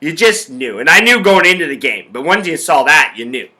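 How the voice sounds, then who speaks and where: Young male sports-talk host, bright forceful tone, profane ranting delivery, slightly higher voice. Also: sing-song, fairly quick. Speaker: podcast host.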